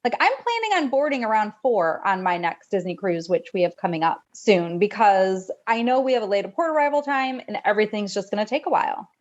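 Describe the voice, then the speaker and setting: A woman's voice: mid-range voice, lively intonation, a little fast, few pauses, lo-fi sound. A woman co-hosting a podcast, chatting casually and gushing with enthusiasm. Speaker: podcast co-host.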